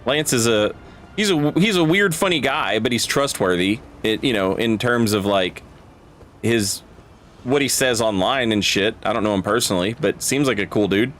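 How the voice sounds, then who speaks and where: A man's voice: medium pitch, normal speed, fairly bright tone, slight background noise. A man streaming a game and chatting casually, rambling and stammering, swearing, reading chat aloud.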